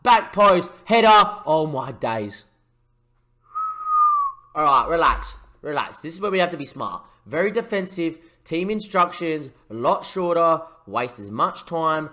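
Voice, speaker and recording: A man calls a video game football match like a TV commentator, and his voice climbs to shouting when chances come. His tone is bright and forceful and sits a little high. He talks to viewers from a home desk mic. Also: measured pace, few pauses, slight background noise. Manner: excitable, shouting at goals. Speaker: gaming YouTuber.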